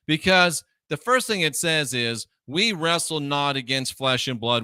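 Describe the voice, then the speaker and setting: A man's voice: medium pitch, bright, forceful tone, clear, resonant tone, no room sound, clean studio sound. A man hosting his show, lecturing on scripture in an emphatic, scornful way that repeats phrases for force. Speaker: host.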